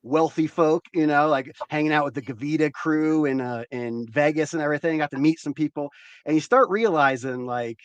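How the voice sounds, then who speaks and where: A man hosting a casual chat, rambling and joking in an animated way. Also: a little high, brisk, smooth, no room sound, lo-fi sound. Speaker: host.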